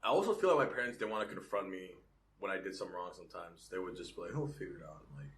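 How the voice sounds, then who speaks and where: A man's voice: deep voice, rapid-fire. A man co-hosting a comedy podcast, telling stories in a casual, profane way and acting out voices in them. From United States. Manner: animated, profane, acts out voices in his stories. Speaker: podcast co-host. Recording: roomy sound with faint background noise.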